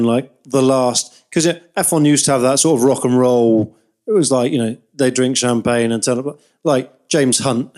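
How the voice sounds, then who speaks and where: A man in his thirties, a podcast co-host, chatting casually. He tells long, rambling anecdotes, often laughs at his own stories, and his voice sits at an ordinary middle pitch. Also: a little mellow. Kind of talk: casual chat.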